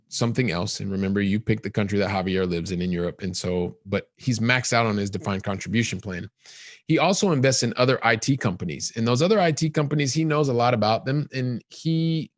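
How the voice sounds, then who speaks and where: A man's voice: mid-range voice, dry recording. Dry, close-miked man telling a story. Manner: animated, repetitive storytelling with many "and so" links. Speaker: podcast host. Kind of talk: storytelling explanation to guests.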